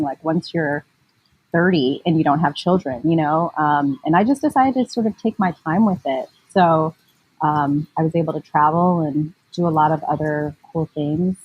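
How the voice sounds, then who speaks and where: A woman's voice: deep voice, slightly rough, lo-fi sound. A woman in her forties, a mom blogger, chatting casually as an interview guest with lots of fillers and easy laughter. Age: 40s.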